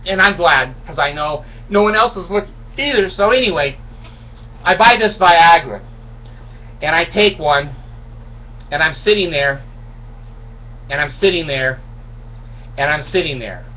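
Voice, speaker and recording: A man's voice: fairly high pitch, animated, unhurried, long pauses, bright, forceful tone. A man in his sixties telling a rambling, self-mocking comic story to camera. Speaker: video blogger. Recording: dull distant home recording with faint hiss.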